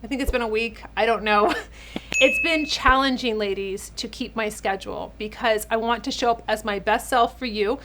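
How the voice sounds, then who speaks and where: A woman in her forties hosts a casual beauty vlog, talking straight to the camera at home. Her voice sits a little high, and she talks in a chatty, emotional way, a bit teary, calling her viewers ladies. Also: normal speed, bright, forceful tone, a little hiss or hum. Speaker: beauty channel host, esthetician.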